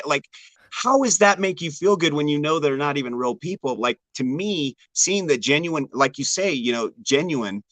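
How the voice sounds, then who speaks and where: Blunt, bright-voiced man ranting. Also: fairly high pitch, lively intonation, normal speed, dry recording. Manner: blunt, opinionated, rambling with many restarts. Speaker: podcast guest. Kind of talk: casual political chat.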